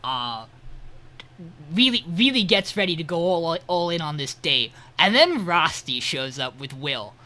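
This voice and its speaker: A man co-hosting a podcast, casually recapping an episode with animated storytelling and swearing, over a remote call. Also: a little high, unhurried. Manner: animated retelling, swears, quotes characters. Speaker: podcast co-host.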